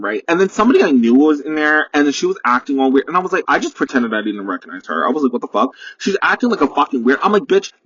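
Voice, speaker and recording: A man's voice: mid-range voice, fairly bright tone, slightly rough, no room sound. A young man from New York hosting a solo podcast from his parked car, telling a story in a profane, rambling, dramatic way. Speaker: podcast host. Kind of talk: casual solo storytelling rant. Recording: dull, muffled sound.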